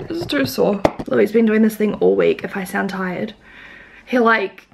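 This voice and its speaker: A woman's voice: mid-range voice, normal speed, creaky, noisy background. A young woman from New Zealand with a New Zealand accent, chatting casually to camera in a rambling vlog full of "like". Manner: chatty, rambling, lots of "like" fillers. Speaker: vlogger.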